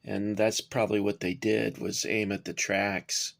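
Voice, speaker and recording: A man's voice: lowish voice, little pitch movement, a little slow, gravelly. A man casually reviewing a toy gun model for his viewers, rambling with frequent fillers and chatty asides to "guys". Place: cramped home workspace.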